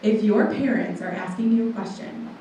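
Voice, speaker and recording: A woman in her twenties giving a personal testimony to a live audience, telling it in a lively way and acting out what people said. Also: mid-range voice, normal speed, slight background noise. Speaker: guest speaker. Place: large room with a live audience. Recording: echoey hall, voice from far off.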